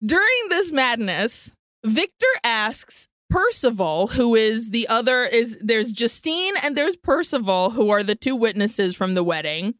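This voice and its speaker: A woman with a fairly high voice retells a film's plot, acting out each character as she goes. She switches between English and in the middle of a story. The sound is dry and close. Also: very animated, unhurried, fairly bright tone, dry recording. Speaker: podcast co-host recapping a film. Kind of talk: casual comedic film recap.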